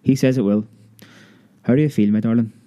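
A man voicing a determined mother who gives firm, brisk orders in a storybook reading. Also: medium pitch, warm tone, close to an everyday voice. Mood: tender. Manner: firm, commanding.

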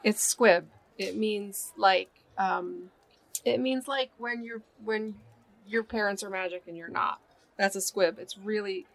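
Earnest woman player in a tabletop game. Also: mid-range voice. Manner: earnest, searching for words. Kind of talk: casual tabletop role-play.

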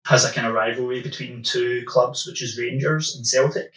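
A man's voice: mid-range voice, fairly even intonation, moderate pace, fairly bright tone, poor audio. A Scottish man chatting as a podcast guest with dry, wry humour. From Scotland. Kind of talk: casual chat.

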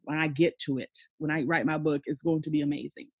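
Husky, frank woman telling her story. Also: sits low, fairly even intonation, fast, a little mellow, no room sound. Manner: frank, emphatic, sprinkles "okay?" and "you know". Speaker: podcast guest. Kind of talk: candid personal storytelling in conversation.

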